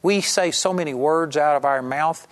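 Male preacher, slightly high voice, conversational Bible teaching, acts out the scene. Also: normal speed.

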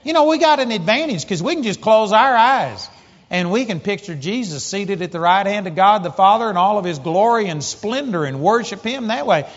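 A male preacher delivers his sermon in a fairly high voice, growing animated as he tells his story. The sound carries a long hall reverb. The recording is slightly dull and muffled. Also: brisk. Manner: animated storytelling, rising pitch when excited.

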